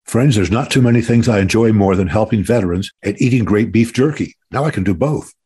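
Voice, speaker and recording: A middle-aged man hosts his show with a husky, mellow voice and a folksy, upbeat delivery. Faint music sits under the recording. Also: lowish voice, fairly quick. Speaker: podcast host, retired army officer. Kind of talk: hosting an interview and reading ads.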